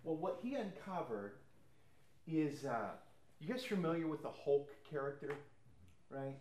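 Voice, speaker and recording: This pastor's voice sits a little high and swings widely in pitch, moving at an unhurried pace with a slightly mellow tone and a bit of background noise. Recorded in an echoey room, his sermon testimony weaves conversational personal stories, acting out what people told him.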